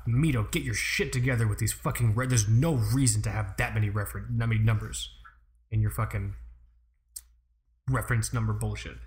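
A man in his thirties hosting a podcast in a casual, rambling chat, full of swearing and quick asides. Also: mid-range voice. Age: 30s. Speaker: podcast host.

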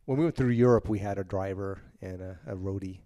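A man's voice: low voice, brisk. Man telling road stories animatedly. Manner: animated anecdotes, acting out quoted voices. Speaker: guest, touring band member. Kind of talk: casual storytelling.

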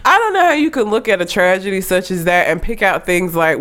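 A woman's voice: fairly low pitch, expressive, brisk, fairly bright tone. A woman co-hosting a podcast in casual chat, blunt and profane, laughing often. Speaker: podcast co-host.

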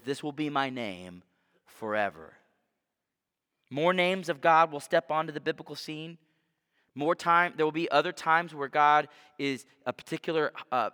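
A man's voice: a little high, sharp tone. A man preaching a sermon as pastor in a conversational style, now and then acting out quoted voices. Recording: long reverb of a church hall.

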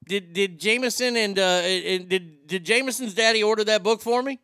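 A man's voice: sits high, normal speed, sharp tone, no echo, studio quality. A man hosting a podcast in a casual, rambling style, emotional and swearing freely. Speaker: podcast host. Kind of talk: casual chat.

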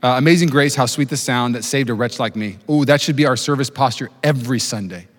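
A man in his thirties preaching a sermon to his church, talking fast with jokes and self-deprecating asides. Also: mid-range voice. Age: 30s. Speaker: pastor. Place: church auditorium with live congregation. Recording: long hall reverb.

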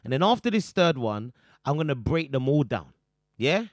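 A man hosting a podcast, excitable and repetitive as he hypes up his listeners. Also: medium pitch, normal speed, dry recording, studio quality. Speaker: podcast host and DJ. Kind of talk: casual chat.

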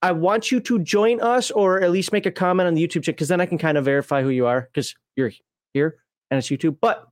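High-voiced man hosting a casual stream. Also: dry recording, studio quality. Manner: rambling and joking, chuckling often. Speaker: podcast host. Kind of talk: casual live-stream chat.

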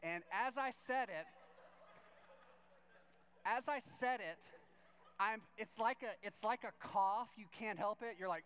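A man with a high, clean, smooth voice spins a self-mocking comic story for a church crowd. He is animated throughout and leaps into excited outbursts as he acts out his own reactions. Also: slow, pauses often.

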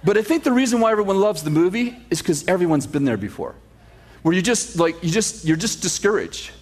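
A man preaching a sermon, telling a story with sarcastic humor, then reading scripture slowly. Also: sits high, big pitch swings. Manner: reads scripture slowly and steadily. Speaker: pastor.

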